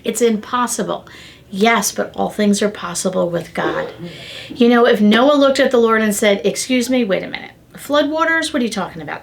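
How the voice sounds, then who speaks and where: A middle-aged woman delivers a devotional talk in a somewhat high voice. She gets excited as she speaks and slips into playful back-and-forth dialogues with God. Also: gravelly. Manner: animated, acts out dialogues with God; excitable, talks with her hands. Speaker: devotional podcast host. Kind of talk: devotional teaching.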